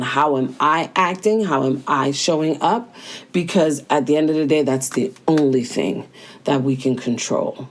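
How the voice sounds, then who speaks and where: A young woman with a fairly low voice gives motivational advice in a relaxed, slangy, conversational way. She speaks directly to her listener as the host of a daily talk. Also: slight background noise. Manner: casual, conversational, slangy, talks straight to listener.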